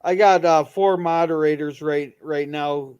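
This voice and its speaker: Casual male streamer, high voice, meandering delivery, dull close mic. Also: steady tone, darkish tone, clean tone. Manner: rambling, halting, many restarts. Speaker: livestream host reading chat comments. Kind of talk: casual chat and joke telling.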